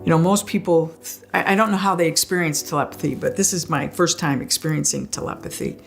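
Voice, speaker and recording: A woman recounting her near-death experience, an animated storyteller who acts out the voices she heard. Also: deep voice, fairly quick, creaky, soft background music. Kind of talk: personal testimony.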